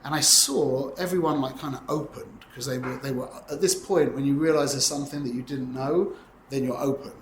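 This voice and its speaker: Speaking at a steady, fairly quick clip in a mid-range voice, this man in his forties teaches Torah informally. There's reverb and a little background noise as he wanders through the material, often asking "yeah?"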